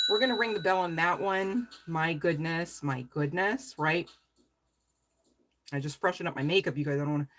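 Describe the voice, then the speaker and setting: A woman doing a casual tarot reading to camera, rambling, chatty and emotional, with some casual swearing. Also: lowish voice. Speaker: tarot reader.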